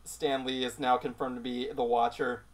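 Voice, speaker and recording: A man hosting a casual chat, talking in a relaxed, rambling way with lots of filler words. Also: mid-range voice, normal speed, a little hiss or hum. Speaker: host.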